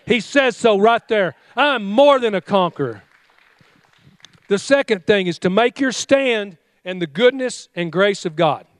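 A man's voice: sits high, expressive, measured pace, dry recording. A male pastor preaching a fiery sermon, exhorting his congregation with call-and-response commands.

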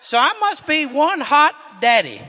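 A middle-aged man, a pastor preaching a sermon in a church and telling folksy stories, getting loud and animated when excited. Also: very high-pitched, unhurried. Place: church sanctuary. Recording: echoey hall with long reverb.

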